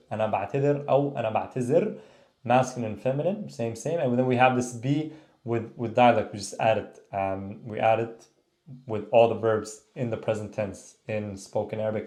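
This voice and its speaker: A man teaches a casual language lesson at a mid-range pitch. He repeats example phrases and checks in with his viewers as he goes. His voice bounces around a noticeably echoey room. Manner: relaxed explaining, repeating phrases, frequent "okay?" and "tamam?". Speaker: Arabic teacher.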